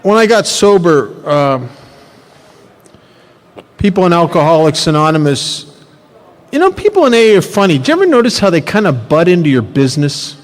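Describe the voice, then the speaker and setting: A man speaking at a recovery workshop, telling personal stories in an animated, repetitive way. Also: a little high, normal speed, long pauses. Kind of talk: personal storytelling talk. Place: workshop hall. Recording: reverberant hall.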